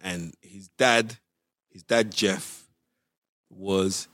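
A man's voice: deep voice, drawn-out words, no room sound, clean studio sound. A middle-aged man, telling stories animatedly on a podcast. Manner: animated storyteller, acts out quoted voices, bursts into laughter. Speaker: podcast guest, boxing pundit. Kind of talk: casual storytelling chat. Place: podcast studio.

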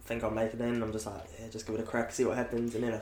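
A man's voice: medium pitch, completely flat delivery, racing, a little mellow. A young man in his late teens with a New Zealand accent, chatting casually as a guest and telling stories with lots of filler words. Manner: laid-back, heavy filler words. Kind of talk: casual chat. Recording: echoey room with faint hiss.

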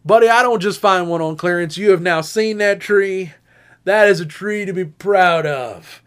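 High-voiced man telling a story. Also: moderate pace, smooth. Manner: animated storyteller, high-pitched voices for quoted women. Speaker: podcast co-host. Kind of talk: casual storytelling chat.

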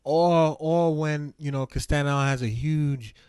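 A man's voice: a little high, fairly even intonation, normal speed, darkish tone, clear, resonant tone, no room sound. A young man chiming in casually on a podcast, laughing often. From New York. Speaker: podcast co-host. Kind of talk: casual chat.

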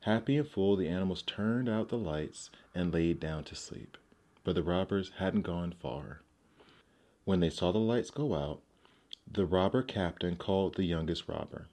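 A man narrating fairy tales in a gentle, expressive storybook reading. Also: sits low, measured pace.

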